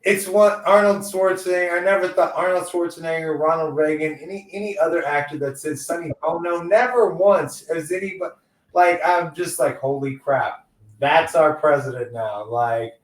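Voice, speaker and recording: A man's voice: on the high side, moderate pace, distant mic. A man hosting a casual podcast interview, loose and rambling, tossing in "dude" a lot. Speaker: podcast host. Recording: echoey room, off-mic.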